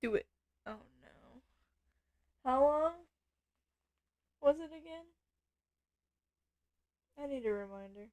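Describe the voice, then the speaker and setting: A woman's voice: high voice, animated, slow pace, pauses often, darkish tone, no room sound. A woman streamer chatting playfully to her viewers while she plays a game. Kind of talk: casual game commentary.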